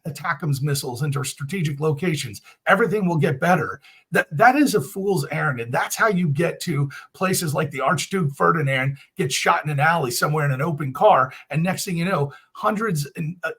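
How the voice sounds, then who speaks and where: A man's voice: fairly high pitch, a bit bright, breathy edge. A man giving blunt, emphatic commentary as a guest in an interview. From United States.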